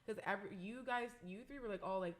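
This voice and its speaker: A woman's voice: mid-range voice, fast talker. A young woman co-hosting a casual podcast, her voice sitting in a middle register. She tells stories with lots of energy and plenty of swearing. She jumps into quoted lines as she acts out what people said. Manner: animated, profane, acts out quotes. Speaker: podcast co-host. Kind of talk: casual storytelling chat.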